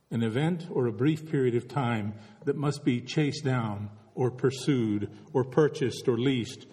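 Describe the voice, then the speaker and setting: A man's voice: mid-range voice, darkish tone, in a large hall. A man delivering a reflective sermon as a pastor, full of rhetorical questions.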